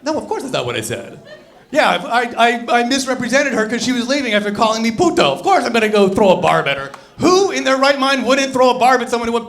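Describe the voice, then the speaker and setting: A young man with a high-pitched voice works a comedy club crowd through a stage mic. His delivery is animated, swinging between loud bursts and quiet, low mutters. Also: fast. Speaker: stand-up comedian. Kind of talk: stand-up comedy set.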